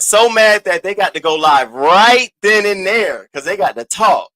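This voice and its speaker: A high, bright-voiced man hosts a live stream. He rants at a rival in a taunting, profane roast. His voice is sharp and cutting. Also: very animated, measured pace. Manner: profane, taunting, trash-talking. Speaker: host. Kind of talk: roast-style live rant.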